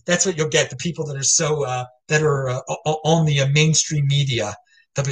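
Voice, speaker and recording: Husky-voiced man ranting casually. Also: fairly high pitch, fairly quick. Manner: rambling, emphatic, full of repeats and "okay?". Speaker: crypto show host. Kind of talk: casual opinion rant.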